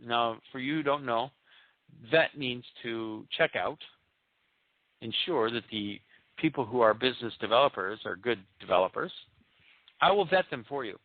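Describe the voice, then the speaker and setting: A man's voice: mid-range voice, lively intonation, moderate pace, long pauses, no echo. A man hosting a business podcast, talking emphatically with rhetorical questions and repeated points. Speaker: podcast host. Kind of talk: motivational business talk. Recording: tinny phone-like lo-fi sound.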